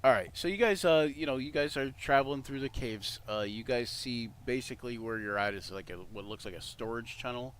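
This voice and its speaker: A man's voice: mid-range voice, a little fast, few pauses, fairly bright tone, a little hiss or hum. A man running a tabletop game as game master, rambling with many restarts and fillers.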